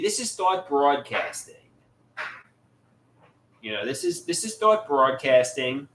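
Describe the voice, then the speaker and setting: Going live for his viewers, a man reads and answers the chat in a lively voice of medium pitch that rises and falls. He stumbles over words, halts, repeats himself and restarts often. The room has a noticeable echo with a faint noise underneath.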